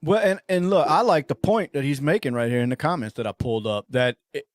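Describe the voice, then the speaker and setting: A man co-hosting a casual podcast chat, rambling and swearing, his voice often trailing off quietly at the ends of phrases. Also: fairly high pitch, fast, no room sound, studio quality. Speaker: podcast co-host.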